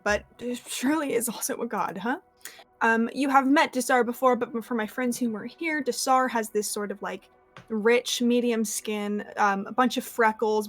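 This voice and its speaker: A woman's voice: a little high, a bit bright, dry recording. Chatty woman game master, filler-heavy. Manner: rambling, filler-heavy description. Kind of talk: narrating a tabletop game.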